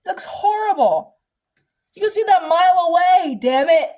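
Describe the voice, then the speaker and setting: A woman with a high, bright-sounding voice vlogs about her day in a casual, rambling way. She acts out other people's lines, jumps from mutters to loud outbursts, and swears freely as she talks into her phone camera. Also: moderate pace. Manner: animated, swearing, dramatic retelling with quoted voices. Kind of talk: casual vlog storytelling.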